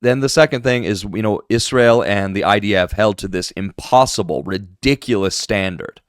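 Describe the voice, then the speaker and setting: A man's voice: lowish voice, normal speed, few pauses, clear, resonant tone, dry recording, clean studio sound. A man hosting solo political commentary, indignant and ranting passionately.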